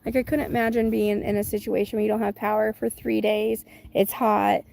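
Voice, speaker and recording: A woman's voice: mid-range voice, level tone, fairly quick, vocal fry, a little mellow. A woman hosting a casual livestream from home, chatting and rambling with viewers and reading their comments. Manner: chatty and rambling, with many fillers and self-restarts. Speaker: channel host; mother of twins. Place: at home with chickens nearby.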